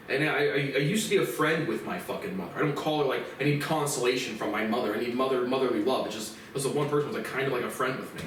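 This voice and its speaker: A man's voice: medium pitch, a bit bright, a little hiss or hum. A man giving a profane, rambling and indignant solo commentary. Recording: very echoey room, mic far off.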